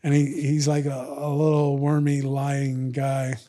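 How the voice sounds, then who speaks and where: An older man telling a long, rambling story as a podcast guest, jumping into the voices of the people in it and trailing off quietly at the ends of asides. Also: medium pitch, monotone, unhurried. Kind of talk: casual storytelling.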